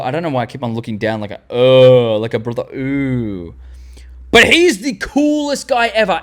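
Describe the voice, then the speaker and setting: An Australian man hosting a fan video, gushing excitedly about favorite characters and breaking into silly voices. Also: fairly high pitch. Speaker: vlog host. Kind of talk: enthusiastic fan commentary.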